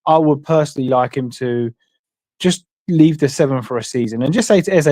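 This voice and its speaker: A man's voice: a little high, brisk, darkish tone, no room sound. A man chatting as a guest on a fan call-in show, earnest and rambling, with many "like"s. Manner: earnest, rambling, says "like" a lot. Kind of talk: casual fan call-in chat.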